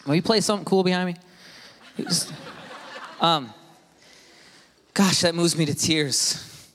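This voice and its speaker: A man preaching a sermon as pastor, animated, swinging from hushed to shouting. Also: on the high side, measured pace, long pauses, some chatter behind, slight background noise. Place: church auditorium. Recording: reverberant hall with music behind.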